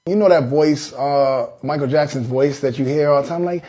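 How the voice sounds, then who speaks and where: A man's voice: on the high side, animated, a little slow, dark tone. A man speaking in a casual interview clip, loose and rambling and filling his talk with "like".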